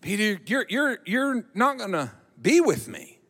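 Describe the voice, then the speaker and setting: A man voicing a calm, knowing male teacher who speaks quietly and gently. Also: sits high, measured pace, full character voice. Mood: gentle warning. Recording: echoey hall.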